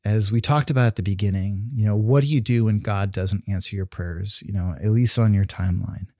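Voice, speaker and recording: A man's voice: on the low side, steady tone, a little fast, a little mellow, no room sound, studio quality. A man preaching a sermon in an earnest, conversational way, with restarts and fillers. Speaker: pastor.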